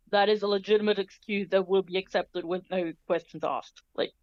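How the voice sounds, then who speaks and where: A woman's voice: medium pitch, fairly even intonation, brisk, few pauses, dry recording. Woman on a muffled dry mic, wry storytelling. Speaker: student. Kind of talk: casual chat.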